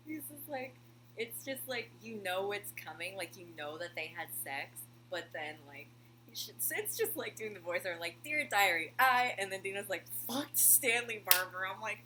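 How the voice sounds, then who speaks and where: A woman chatting casually as a video host at home, gushing and excitable, with lots of "like" in her talk. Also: lowish voice, normal speed, a little hiss or hum. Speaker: video host reviewing a TV show. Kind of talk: casual chat. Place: room at home with a heater running.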